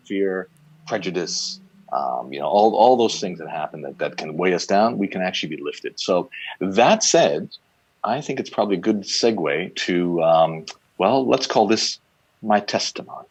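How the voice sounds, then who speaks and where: A man's voice: low voice, normal speed, husky. A man who is a photographer and storyteller, talking casually and with self-deprecating humor on a video call. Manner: animated, self-deprecating, laughing as he talks. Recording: dry, slightly dull video-call audio.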